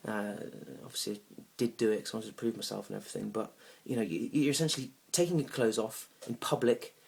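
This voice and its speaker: A young man telling a comic story about a bad date, awkward and rambling, now and then bursting into loud indignant rants. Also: on the low side, fast talker, gravelly. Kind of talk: deadpan comic monologue.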